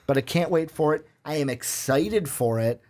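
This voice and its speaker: A young man co-hosting a casual gaming podcast, excitable and given to casual swearing. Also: on the high side, moderate pace. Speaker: podcast co-host. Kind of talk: casual chat.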